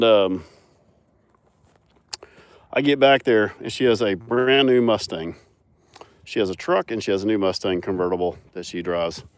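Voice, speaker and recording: A young man with a fairly low voice tells his farm story with lively energy and frequent laughs. He talks outdoors on a mountain farm, close to a phone camera. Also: no room sound. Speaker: farmer and animal owner. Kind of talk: casual storytelling vlog.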